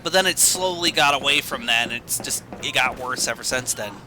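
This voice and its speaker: A man's voice: mid-range voice, brisk, pushed and bright. A man streaming a game, chatting casually in a rambling, offhand way. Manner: rambling, self-correcting, offhand. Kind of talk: casual gaming chat. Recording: noisy game audio behind.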